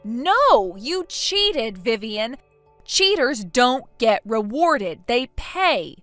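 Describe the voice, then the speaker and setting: A stern, lecturing young woman, as a synthetic voice puts her on, blunt and fed up with her friend's excuses. Her voice sits a little high and swings widely in pitch. Soft music plays faintly underneath the text-message story. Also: big pitch swings, extremely slow, dry recording, exaggerated voice. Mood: scolding. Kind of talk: text-to-speech text story narration.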